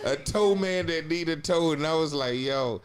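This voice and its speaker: A man's voice: a little high, unhurried. A man telling a wild story to a group, laughing and cursing as he goes, with a noisy crowd around him. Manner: laughing, profane, animated storyteller.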